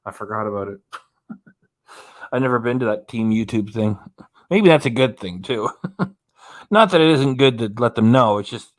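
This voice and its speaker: A man's voice: mid-range voice, animated, unhurried, long pauses. A man casually commenting as host of a reaction channel, chatty and rambling, laughing often as he talks.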